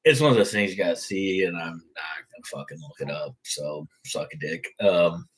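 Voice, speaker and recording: A man's voice: deep voice, moderate pace, slight background noise, low-quality recording. A young man hosting a casual sports talk show, rambling and swearing freely. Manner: profane, rambling. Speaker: host.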